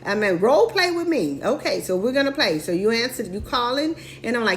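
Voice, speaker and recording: Lively woman telling a mentoring story. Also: on the high side, fairly quick, few pauses. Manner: animated storytelling, repeats key points; acts out both sides of conversations. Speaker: real estate mentor. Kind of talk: motivational live-stream talk.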